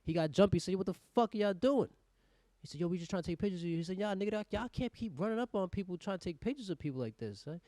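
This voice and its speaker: A man's voice: high voice, racing, hardly any pauses, no room sound, studio quality. A young man co-hosting a casual podcast chat, acting out scenes with voices and lots of swearing. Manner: animated, acts out scenes with voices, heavy swearing. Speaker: podcast co-host.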